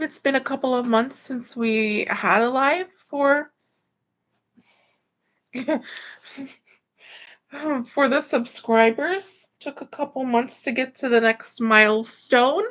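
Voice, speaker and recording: A woman's voice: on the high side, slow, long pauses, fairly bright tone. A tired woman hosts a casual livestream from home, greeting viewers by name. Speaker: livestream host.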